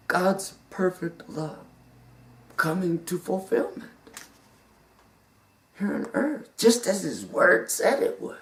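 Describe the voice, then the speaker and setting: A man giving a personal testimony, halting and repeating his words, earnest and devout. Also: high voice, lively intonation, a bit bright. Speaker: speaker telling his story. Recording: roomy sound from a distant mic.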